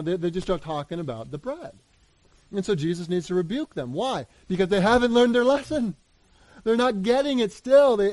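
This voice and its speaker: A man preaching a sermon in an earnest way, moving between loud appeals and hushed asides. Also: sits high, dry recording. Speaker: pastor.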